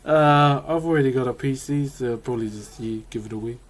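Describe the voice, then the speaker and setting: A man's voice: mid-range voice, fairly quick, slight background noise, poor audio. A young adult man with a New Zealand accent, chatting casually and laughing with his live-stream chat while he works on a woodcarving. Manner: laid-back, chuckling, friendly "bro" talk.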